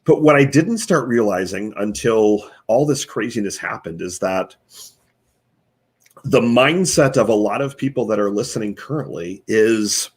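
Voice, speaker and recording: A man's voice: fairly low pitch, lively intonation, measured pace, husky. A man hosting a live online chat, giving earnest coaching advice laid out as numbered recommendations. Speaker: host and marketing consultant.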